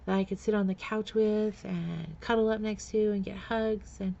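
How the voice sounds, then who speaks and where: A woman's voice: medium pitch, fairly even intonation, normal speed, vocal fry, dark tone, muffled recording, a little hiss or hum. A woman vlogger candidly telling a painful family story, with nervous laughs and repeated words. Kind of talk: personal storytelling vlog.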